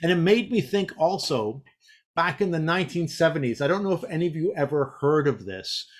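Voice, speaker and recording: Guy talking to a room of teachers, kinda high voice, lots of um and uh, restarts his sentences a lot. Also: lively intonation, brisk. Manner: rambling, lots of fillers and restarts. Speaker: teacher trainer presenting a session. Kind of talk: casual teaching talk.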